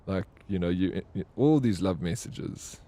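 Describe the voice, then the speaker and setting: Over a dry recording, this livestreamer speaks in a low, warm voice that is a bit slow yet lively in its intonation. He plays a video game live and chats loosely with his audience, reading chat messages aloud and responding to them. His stories wander, full of fillers and false starts.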